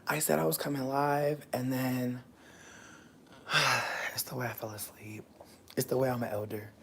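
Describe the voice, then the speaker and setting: A woman's voice: extremely low pitch, fairly even intonation, measured pace, vocal fry, slight background noise. A woman chatting casually on a livestream, telling stories in a playful, profane way. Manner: starts in a soft whisper, then grows loud. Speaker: livestream host.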